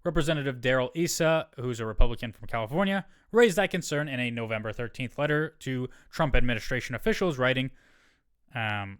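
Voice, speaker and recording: Male solo podcast host, smooth clear voice, dry close-mic sound, reads news with wry asides. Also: mid-range voice, lively intonation, brisk, a bit bright, no echo. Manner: reads quotes aloud, drops in wry asides.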